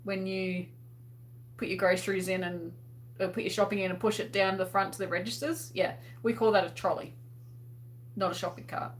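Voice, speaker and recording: A woman's voice: mid-range voice, fairly even intonation, moderate pace. A woman with an Australian accent hosting a casual livestream. She chats and laughs and uses lots of fillers as she answers viewers' comments. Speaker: host.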